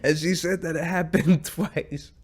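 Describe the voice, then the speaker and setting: A man's voice: on the high side, fairly even intonation, a little slow, breathy edge. A man hosting a podcast, telling a story in a casual, rambling way, full of swearing and chuckling at himself. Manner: profane, rambling, chuckling through his own story. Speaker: podcast host.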